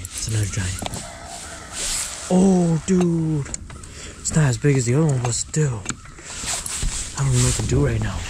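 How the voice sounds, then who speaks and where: A man hosting a fishing vlog outdoors, talking casually to viewers and getting excitable and exclamatory over his catches. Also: mid-range voice, very noisy. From US Midwest. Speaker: fishing vlogger. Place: outdoors on the ice.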